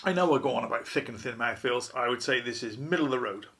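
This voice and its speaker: A man's voice: mid-range voice, fast talker, pushed and bright. A man hosting a casual beer review vlog, chatty and wry, poking fun at himself. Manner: chatty, wry, self-deprecating.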